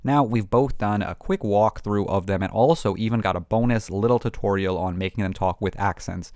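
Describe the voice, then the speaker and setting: Male tutorial host with a lowish voice, chatty and unscripted, full of fillers, dry close sound. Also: a little fast, darkish tone, no room sound. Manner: rambling, many ums and restarts. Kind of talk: casual screen-recorded tutorial.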